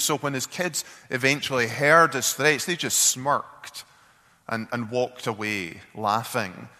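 A man preaching, telling a story in an earnest, halting way with repeated words. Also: medium pitch, sharp tone, long reverb tail. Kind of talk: sermon storytelling.

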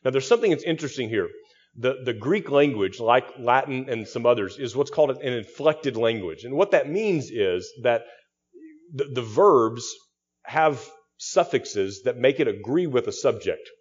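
Guy pastor explaining scripture, lots of restarts, husky voice, muffled lo-fi recording. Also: medium pitch, expressive, moderate pace. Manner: expository teaching with frequent restarts and repeated words. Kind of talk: sermon.

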